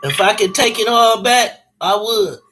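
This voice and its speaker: A man's voice: high voice, unhurried, sharp tone, faint music behind. A man telling a personal story casually, in blunt, profane street slang.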